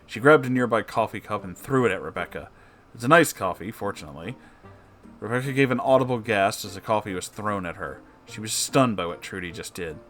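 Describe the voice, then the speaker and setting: A man's voice: on the low side, lively intonation, a little fast, a bit bright, faint music behind. A man hosting his channel, reading a story aloud in a playful, chatty way.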